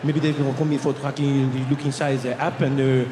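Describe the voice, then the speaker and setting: A man playing an older French airport worker with a French accent, rambling in halting broken English. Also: medium pitch, level tone, roomy sound, noisy background, close to an everyday voice. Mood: muddled.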